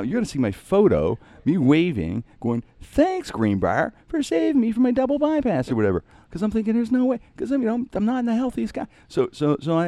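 This high-pitched middle-aged man hosts a show and, chatting casually, tells a lengthy funny story, playfully performing the lines of the people in it. The recording has no room sound.

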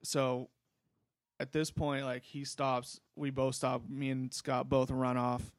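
A man's voice: mid-range voice, level tone, takes it slowly, no room sound. A young man casually telling a long story, laid-back and rambling, with frequent swearing. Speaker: podcast host.

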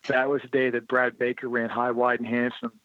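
A man being interviewed about his motorcycle writing, telling lively anecdotes in a casual way and acting out the dialogue he quotes. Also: medium pitch, brisk, dry recording. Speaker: interview guest, motorcycle writer and blogger. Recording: tinny phone-like line, dry.

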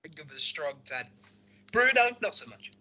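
A man's voice: fairly high pitch, big pitch swings, moderate pace, bright, forceful tone. A man hosting a casual football chat, reading out rankings and joking as he rambles. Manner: jokey, rambling, reads out rankings. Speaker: podcast host. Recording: lo-fi recording.

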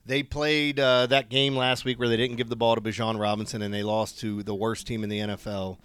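A man's voice: medium pitch, level tone, brisk, a bit bright, clean tone. A man co-hosting a sports radio show, joking and bantering casually about betting picks. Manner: playful, jokes and breaks into song.

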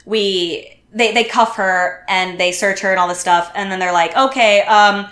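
The speaker is a woman guest on a podcast, her voice low-ish and her speed normal, telling a story in casual chat. She animatedly acts out what people said, and the room gives the audio an echo.

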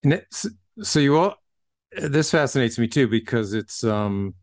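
A man hosts the conversation and asks questions haltingly, restarting as he feels his way through them. His voice sounds dry and close. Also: mid-range voice, expressive, no echo. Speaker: podcast host. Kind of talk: casual interview chat.

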